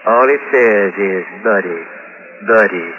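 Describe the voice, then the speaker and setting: An actor playing a drunk, wheedling small-time crook in a 1940s radio drama, with a slurred drawl. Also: male voice, lowish voice, slow. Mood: menacing. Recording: dull old radio recording with background noise.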